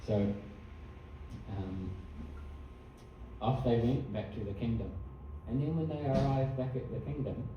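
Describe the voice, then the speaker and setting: A man telling a devotional story in a casual, chatty way, correcting himself and laughing softly at his own asides. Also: medium pitch, highs cut off, slight background noise. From New Zealand. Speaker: storyteller at a temple program. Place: temple hall. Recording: distant mic in very echoey room.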